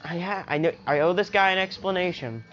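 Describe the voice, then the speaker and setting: A woman's voice: fairly low pitch, fairly quick, lightly acted. A woman voicing a breezy young woman thief who talks in an offhand, casual way, on a dull lo-fi recording.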